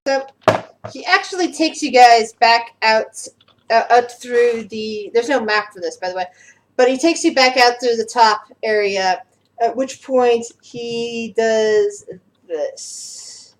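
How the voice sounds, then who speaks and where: A young woman narrating as game master for a tabletop game, pausing and repeating words as she describes scenes. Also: a little high.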